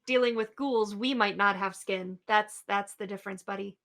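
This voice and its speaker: A woman's voice: mid-range voice, normal speed, creaky, background noise. A woman playing a tabletop game, talking in a wry, firm way while bargaining. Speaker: player.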